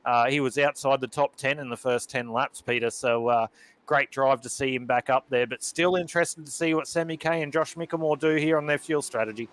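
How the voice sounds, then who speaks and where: A man commentating a sim racing event who gets loud and excited during close battles. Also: medium pitch, brisk. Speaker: race commentator.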